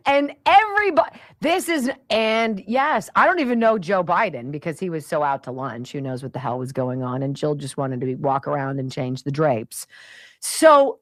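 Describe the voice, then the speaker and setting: A middle-aged woman hosting a talk radio show, delivering an opinionated, sarcastic monologue and a host-read ad, laughing often and swinging between high excited bursts and low muttered asides. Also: measured pace, dry recording, clean studio sound.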